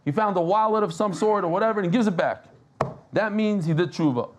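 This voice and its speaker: A man giving a lively Talmud class, telling stories and joking with the people in the room. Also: sits high, fast, slight background noise. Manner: animated, joking, mixes Yiddish and Hebrew terms. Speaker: daf yomi teacher. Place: class with live audience.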